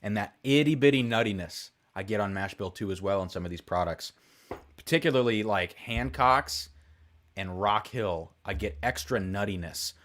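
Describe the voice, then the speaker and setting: A man's voice: on the low side, fairly bright tone. A young man hosting a casual live stream, rambling and thinking aloud with lots of fillers and self-deprecating asides. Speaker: whiskey livestream host.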